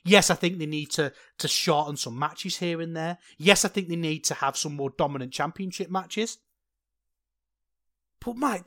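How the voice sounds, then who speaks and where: A podcast co-host reviewing a wrestling match in casual chat, ranting with passion and then turning soft and sheepish. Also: mid-range voice.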